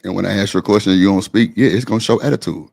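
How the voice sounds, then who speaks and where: A man's voice: fairly low pitch, racing, creaky, a little mellow. A man streaming live, talking bluntly and laid-back to his chat. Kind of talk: casual livestream chat.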